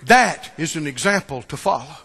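A man delivers a sermon to his congregation in a notably high, bright voice. He builds to fervent shouts, then falls to quiet, low asides. He keeps checking in with the listeners between points. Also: expressive, normal speed, long reverb tail. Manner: call-and-response asides like "Right?" and "Huh?". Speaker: pastor.

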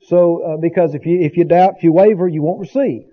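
In lo-fi sound, a pastor with a slightly high voice preaches fairly quickly. He surges into emphatic bursts and drops call-and-response asides asking the congregation to agree.

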